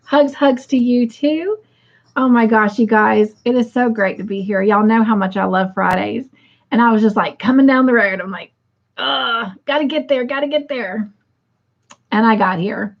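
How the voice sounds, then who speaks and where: Hosting a casual livestream, a woman speaks in a mid-range voice at a moderate pace, reading viewers' comments aloud to greet them and using plenty of fillers. The audio is muffled and lo-fi.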